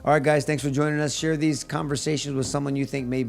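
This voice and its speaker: A man's voice: fairly high pitch, flat delivery, fast talker, vocal fry, faint music behind. Joking, blunt middle-aged male host. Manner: joking, blunt, repeats words when starting. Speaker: podcast host. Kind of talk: casual chat.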